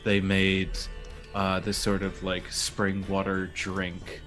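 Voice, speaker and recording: A man's voice: deep voice, completely flat delivery, slow, a bit bright, faint music behind. A man talking as a player in a tabletop game, hesitant and full of fillers. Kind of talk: in-character tabletop talk.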